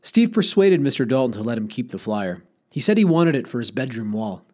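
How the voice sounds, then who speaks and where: A man reading an audiobook chapter aloud in an expressive storytelling way. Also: mid-range voice, brisk. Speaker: audiobook reader. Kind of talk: audiobook narration.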